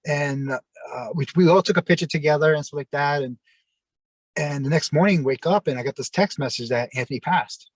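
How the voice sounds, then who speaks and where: Halting New man telling stories. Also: fairly high pitch, dry recording. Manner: rambling, halting, many restarts. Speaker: interview guest. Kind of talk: casual storytelling.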